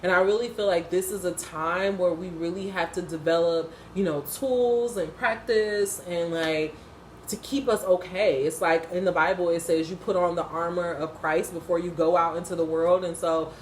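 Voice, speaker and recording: A woman's voice: fairly low pitch, steady tone, normal speed, reverberant, slight background noise. A woman giving unscripted, casual commentary on a TV episode, blunt, profane and impassioned. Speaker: TV episode reviewer.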